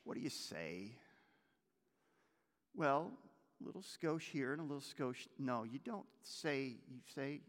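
A man preaching a sermon as pastor, moving between loud urgent stretches and hushed, almost whispered lines. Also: medium pitch, big pitch swings, slow, pauses often, big-room sound.

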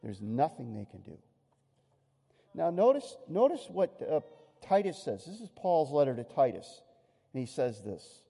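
A male pastor delivers a sermon in a high-pitched yet mellow voice. He is animated and acts out the voices he quotes, then sinks soft and low at solemn points. His words ring with a long hall reverb. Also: measured pace, gravelly, breathy edge.

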